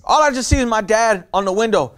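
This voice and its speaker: A man's voice: high-pitched, fast. A man telling a rambling story from his childhood in casual slang, acting out the voices of his relatives. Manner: animated, acts out voices of relatives; streetwise slang, loose rambling. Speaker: storyteller in a clip being reacted to.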